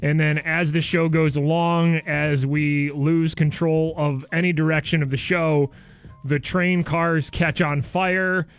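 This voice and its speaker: A man with a notably high voice hosts a morning radio show, rambling in a loose, joking way. A faint music bed plays under his talk. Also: little pitch movement, slow pace. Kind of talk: casual radio banter.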